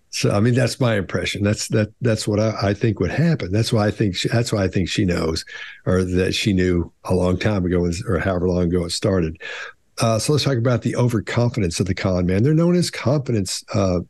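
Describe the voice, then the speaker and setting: A man on a discussion panel, talking casually in a rambling, animated way and often repeating himself. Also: mid-range voice, breathy edge, no echo. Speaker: panel host.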